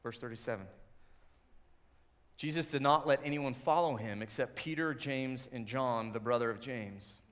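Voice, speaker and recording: At a normal speed, a man preaches as pastor, moving from quiet, subdued lines up to loud, emphatic moments. His scripture reading is lower and more controlled.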